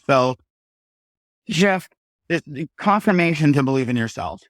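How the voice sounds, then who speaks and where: A man in his thirties, a podcast guest, telling lively stories in casual talk and acting out the quotes. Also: fairly high pitch, moderate pace, long pauses, no echo, clean studio sound. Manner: animated storyteller, acts out quotes. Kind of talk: casual conversation.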